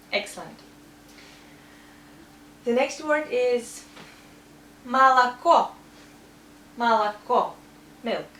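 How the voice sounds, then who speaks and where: A woman with a Russian accent teaching a language lesson, saying example words slowly and carefully. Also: a little high, recorded from a distance. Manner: careful, drawn-out demonstration of words. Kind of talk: slow spoken language lesson. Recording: echoey room, voice from off mic, faint hum.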